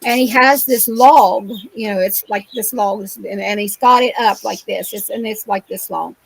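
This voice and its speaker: A woman's voice: medium pitch, normal speed, gravelly, breathy edge, no room sound, low-quality recording. A woman from Ohio, a guest in an interview, retelling her experiences in a rambling, vivid way full of fillers over a remote call microphone. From Ohio, USA. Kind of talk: casual storytelling interview.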